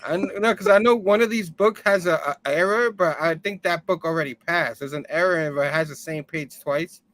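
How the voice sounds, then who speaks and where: A man co-hosting a casual comic book chat, chatty and quick to laugh. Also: a little high, fairly bright tone. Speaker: podcast co-host.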